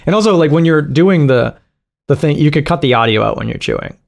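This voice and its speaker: A man's voice: a little high, lively intonation, a little fast, vocal fry. A man hosting a reaction video, talking in a casual, sarcastic and profane way.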